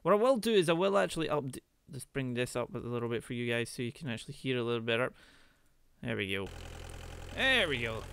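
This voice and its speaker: A man's voice: mid-range voice, very animated, fairly quick, vocal fry, a bit bright, clean tone, no room sound. A young man casually commenting on his own gameplay, thinking aloud and exclaiming when things go wrong. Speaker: gaming video host.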